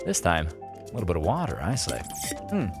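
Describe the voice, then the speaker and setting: A man streaming a kart racing game live, commenting playfully and excitably while chatting with his viewers. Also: low-pitched, brisk, music in the background.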